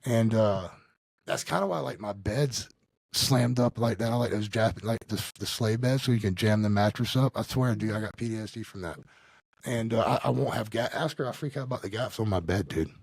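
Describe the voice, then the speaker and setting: Male podcast guest, mid-pitched, slangy and animated storyteller, close dry recording. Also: brisk, gravelly, husky, dry recording. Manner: animated, slangy, calls the listener dude and bro. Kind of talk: casual storytelling.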